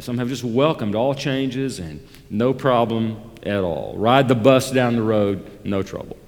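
A man preaching a sermon as a pastor, speaking deliberately and emphatically and repeating key phrases for weight. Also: mid-range voice, a little mellow, long reverb tail.

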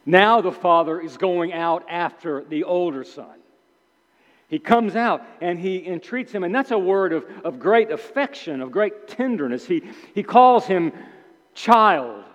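A man preaching in a lively, swooping voice that sits a little high for a man. He acts out the characters' grumbles with sudden emphatic bursts. His words ring out with a long reverb in a church hall, and the recording sounds somewhat dull. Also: unhurried. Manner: animated, voices the characters' complaints with emphatic outbursts. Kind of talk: sermon.

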